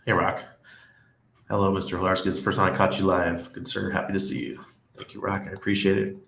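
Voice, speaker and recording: A man's voice: deep voice, flat delivery, fast talker, gravelly, a bit bright. A man hosting a casual live stream, chatting loosely and reading viewer comments aloud. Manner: rambling, with frequent restarts and laughs. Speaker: livestream host. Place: living in Panama. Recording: echoey room.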